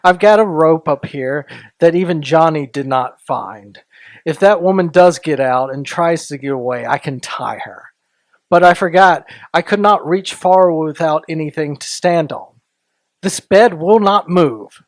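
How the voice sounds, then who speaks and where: A man hosting a story podcast, reading a classic tale aloud in a deliberate, sometimes hushed way. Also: fairly high pitch, no echo. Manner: slow, deliberate, softening into hushed tones. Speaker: story reader and podcast host.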